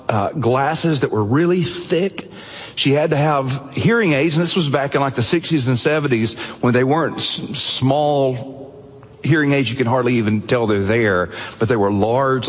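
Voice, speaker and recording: Husky-voiced pastor in a reverberant hall. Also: male voice. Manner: storytelling, earnest, drops low and soft at emotional points. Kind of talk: sermon.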